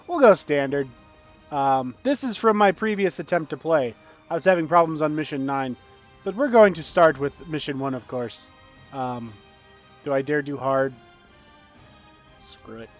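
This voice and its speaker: A man's voice: on the high side, moderate pace, dull audio, faint music behind. A man hosting a let's play, chatting casually and joking as he plays. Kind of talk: casual gameplay commentary.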